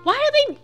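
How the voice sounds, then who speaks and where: A woman in her thirties chatting casually while she plays a game on stream. She is giggly and rambling, and she swears freely. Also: a bit bright. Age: 30s. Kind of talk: casual live gameplay chat.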